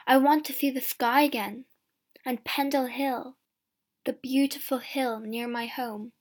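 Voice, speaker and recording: Woman reading an audiobook story, slow and careful, kinda high voice. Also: steady tone. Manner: slow, clear and deliberate. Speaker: audiobook narrator. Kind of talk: slow first-person storybook narration.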